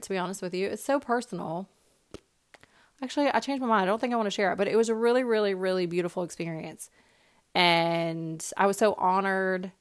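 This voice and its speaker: A woman's voice: fairly low pitch, clean tone. A young woman hosting a podcast, sharing a personal story in a heartfelt, casual way with many fillers and repeated words. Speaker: podcast host.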